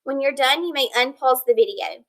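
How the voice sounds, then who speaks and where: A woman teaching a recorded phonics lesson to children, speaking slowly and clearly, sounding out words and encouraging them. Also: high voice, a bit bright, low-quality recording.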